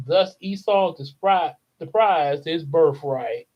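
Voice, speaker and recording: A man's voice: a little high, slow pace. A man reading the Bible aloud and adding chatty, playful commentary between the verses. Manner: chatty, playful asides, chuckles. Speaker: Bible reader for a church channel. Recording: dull lo-fi recording.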